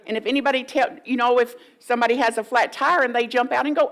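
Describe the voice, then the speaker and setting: A woman's voice: a little high, fairly even intonation, quick pace, few pauses, a bit bright. A middle-aged woman, preaching a sermon in a folksy, playful way and acting out inner voices for the congregation. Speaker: guest minister.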